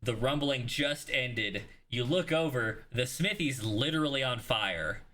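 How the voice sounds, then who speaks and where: A man's voice: mid-range voice, expressive, unhurried, sharp tone. A man narrating as game master, rambling with fillers and restarts and casual swearing.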